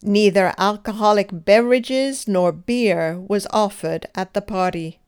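A woman reads out grammar drills at an unhurried, measured pace, leaving room for repetition. Her voice is smooth and crisp, and every word is carefully enunciated. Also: mid-range voice, a little mellow. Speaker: English teacher. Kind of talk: slow scripted grammar drill.

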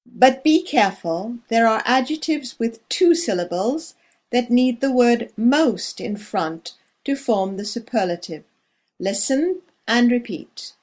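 A woman teacher reading a scripted grammar drill, enunciating carefully with pauses for the listener to repeat. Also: on the high side, expressive, a little mellow. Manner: slow, measured, carefully enunciated with pauses for repetition. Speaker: language teacher.

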